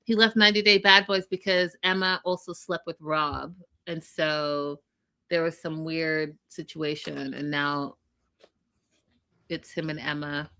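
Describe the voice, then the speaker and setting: Co-host, woman, bright clear tone, gossipy animated recapper. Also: low voice, unhurried. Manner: animated retelling of gossip with quoted voices. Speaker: podcast co-host. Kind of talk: casual reality TV recap.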